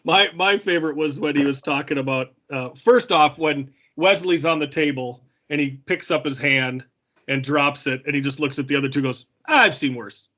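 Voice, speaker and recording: Chatty, slightly high-voiced podcast co-host. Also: male voice, fairly even intonation, moderate pace, a bit bright, muffled recording. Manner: chatty, retells scenes with lots of "like" and "you know". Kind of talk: casual podcast chat.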